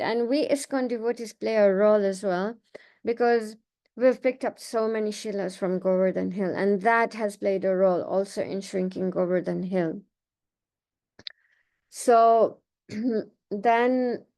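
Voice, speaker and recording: A woman's voice: mid-range voice, a little mellow. Woman casually retelling a sacred story. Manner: conversational, with fillers and restarts. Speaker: class speaker. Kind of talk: retelling scripture stories in a reading class.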